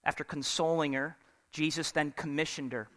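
A man preaching a sermon as pastor, dramatic, dropping from loud to hushed, with humorous asides. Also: fairly high pitch, fairly even intonation, moderate pace. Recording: long reverb of a large hall.

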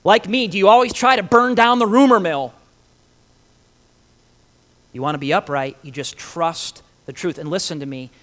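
A man preaching a sermon, emphatic and animated, with rhetorical questions and dramatic pauses. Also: high voice. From Italian heritage.

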